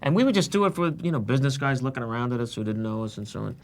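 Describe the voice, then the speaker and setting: Give me a man telling a backstage story with lots of pitch swing. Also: rapid-fire. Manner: lively storytelling, acts out voices. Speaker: comedy cast member. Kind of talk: animated anecdote.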